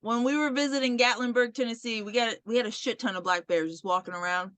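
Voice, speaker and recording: A woman co-hosts a casual podcast, retelling scenes and quoting characters with plenty of laughter. Her voice is very high and bright. The sound is dry and close. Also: quick pace, no room sound. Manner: laughing often, lively retelling with acted-out quotes. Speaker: podcast co-host. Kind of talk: casual chat.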